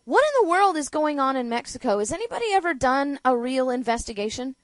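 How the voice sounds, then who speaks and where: Woman talk radio host, high voice, dry close sound, sarcastic, emphatic political commentary. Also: very animated, fast talker, dry recording. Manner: sarcastic, rhetorical questions, emphatic.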